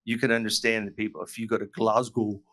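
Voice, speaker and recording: A man's voice: lowish voice, flat delivery, fast talker, fairly bright tone. An American man from South Florida, a guest on a podcast, chatting casually and rambling with many restarts. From South Florida, USA. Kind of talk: casual chat. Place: remote call from the UK.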